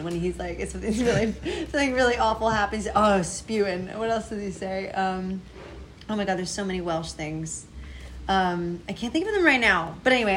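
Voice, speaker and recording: A woman's voice: medium pitch, a bit bright, a little hiss or hum. A woman guest in a casual interview chat, upbeat and chatty, laughing often. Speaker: guest musician.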